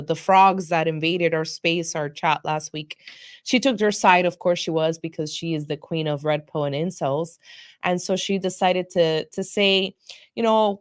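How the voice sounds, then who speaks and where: A woman co-hosting a casual political chat show, blunt, sarcastic and quick to swear as she tells stories. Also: fairly low pitch. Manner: animated storytelling. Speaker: co-host.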